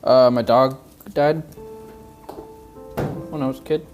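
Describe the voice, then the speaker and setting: A woman co-hosting a podcast in casual chat, candid and quick to laugh, repeating herself as she thinks. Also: a bass voice, steady tone, a little mellow, faint music behind. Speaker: podcast co-host.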